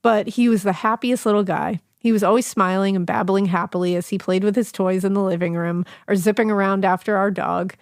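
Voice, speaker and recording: A woman's voice: medium pitch, steady tone, brisk, few pauses, dry recording, clean studio sound. A woman co-hosting a podcast, reading a listener's ghost story aloud with laughing asides and casual swearing.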